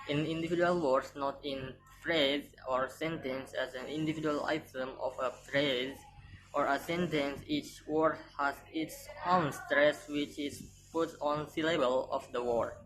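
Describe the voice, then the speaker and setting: A woman reading a phonetics lesson aloud, carefully and deliberately, repeating example words. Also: low-pitched, a little hiss or hum, low-quality recording. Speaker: student presenter.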